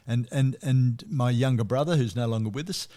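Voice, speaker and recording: A man's voice: mid-range voice, a little fast. A man chats easily about old bands, his voice sitting in a middle register. He rambles a little, restarting phrases and dropping in fillers as he goes. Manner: relaxed storytelling with frequent fillers and restarts. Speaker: podcast host. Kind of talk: casual music podcast chat.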